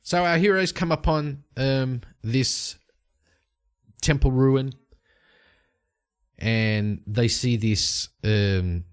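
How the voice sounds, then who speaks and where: A man narrating a solo tabletop game in a relaxed, rambling storytelling way. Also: medium pitch, extremely slow, long pauses, clean tone.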